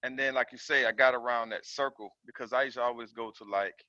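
A man calling into a group coaching session, telling his story in an earnest, halting way with frequent pauses and restarts. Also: medium pitch, steady tone, sharp tone, dry recording. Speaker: caller on the call. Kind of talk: casual share on a call. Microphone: video call. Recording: dull lo-fi call audio.

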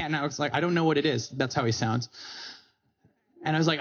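A man giving a motivational talk with comic asides on stage, animated and acting out quotes in different voices. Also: a little high, very fast, dull audio. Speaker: speaker. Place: stage before a live audience.

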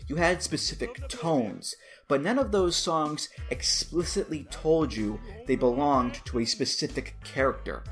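A man's voice: mid-range voice, a bit bright. A man hosting a solo podcast, talking casually with playful, jokey asides. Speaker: podcast host.

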